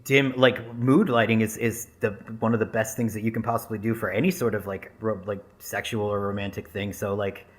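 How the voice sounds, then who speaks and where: A man's voice: lowish voice, flat delivery, fairly quick, few pauses. A man co-hosting a podcast, chatting loosely with lots of fillers and restarts. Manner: rambling, filler-heavy, laughing. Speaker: podcast co-host. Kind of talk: casual chat.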